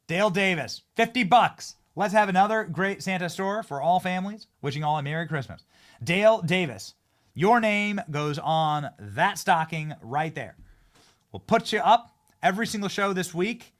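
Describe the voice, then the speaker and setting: A man hosting a live-streamed talk show from a studio, speaking in excitable casual chat and often repeating and restarting his phrases as he hypes guests. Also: high voice, normal speed. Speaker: political talk show host.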